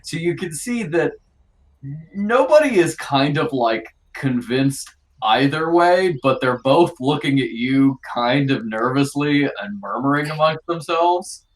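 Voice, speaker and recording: A man narrating as game master of a tabletop game, halting often with filler sounds. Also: a little high, expressive, rough recording.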